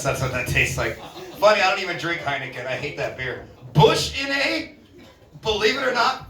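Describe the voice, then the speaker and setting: A man's voice: high voice, pushed and bright. A man from Alaska doing a stand-up comedy set at a bar open mic, rambling from one joke to the next with lots of profanity and self-mockery. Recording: roomy bar sound from a distance.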